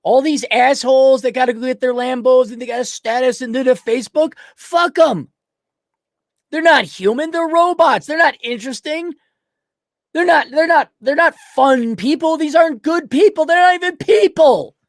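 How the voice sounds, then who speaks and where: A man's voice: extremely high pitch, normal speed, dry recording, studio quality. A middle-aged man hosting a ranting commentary, blunt, profane and mocking, with sarcastic put-on voices. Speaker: host.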